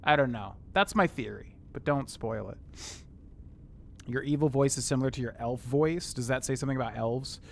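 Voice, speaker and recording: Young man, game streamer, casual, rambling, chatty, mid-pitched. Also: normal speed, gravelly, a little hiss or hum. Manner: rambling, chatty, many fillers. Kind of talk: casual gameplay commentary.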